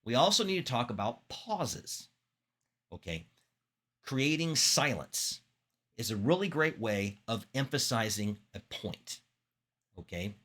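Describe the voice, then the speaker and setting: Speech instructor, man from Florida, mid-pitched, animated classroom delivery with deliberate pauses. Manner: lively, with emphatic pitch jumps and deliberate pauses. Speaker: public speaking instructor. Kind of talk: classroom lecture.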